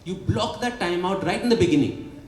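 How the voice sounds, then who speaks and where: A habit coach and author explains his thinking before a crowd in an event hall at his book launch, peppering it with rhetorical "right?" questions. He has a high, expressive voice and talks fairly quickly. Slight background noise and light ambience come through in the echoey room.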